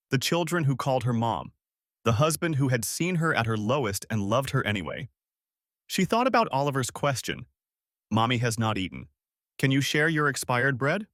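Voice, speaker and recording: A man narrating a heartwarming family story in a smooth, scripted storytelling manner. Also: mid-range voice, fairly bright tone, no echo, clean studio sound.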